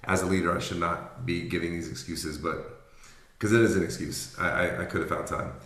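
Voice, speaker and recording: A deep-voiced man rambles through casual chat as the leader of a book club, bright and forceful in tone. He keeps apologizing and poking fun at himself. The online call leaves a roomy echo on his voice. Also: fairly even intonation, fairly quick. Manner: rambling, apologetic, self-deprecating.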